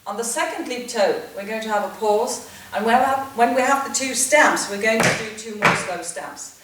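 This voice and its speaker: A woman's voice: on the high side, normal speed. Echoey woman calling dance steps. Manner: counts beats and calls steps rhythmically. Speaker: dance teacher. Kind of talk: step-by-step dance instruction. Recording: echoey, distant, noisy room sound.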